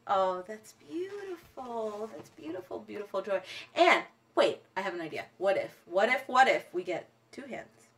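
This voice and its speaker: A woman musician talking gently to children at home, encouraging them to join in and often dropping to a whisper. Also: mid-range voice, sing-song, measured pace. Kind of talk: gentle sing-along talk to children.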